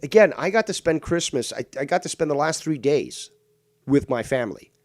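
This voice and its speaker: A man's voice: fairly high pitch, animated, normal speed, no room sound. A man streaming commentary, ranting in a mocking, combative way and swearing a lot. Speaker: streamer reacting to clips.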